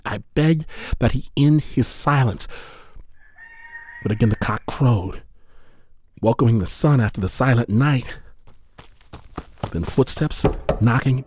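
A man narrating a story in the first person, grave and measured in his delivery. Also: medium pitch, a little mellow, husky.

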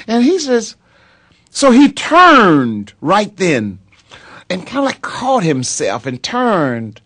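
Animated man telling his story slowly. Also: high voice, dry recording. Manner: animated testimony full of hesitations. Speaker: pastor and singer. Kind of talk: unscripted interview storytelling.

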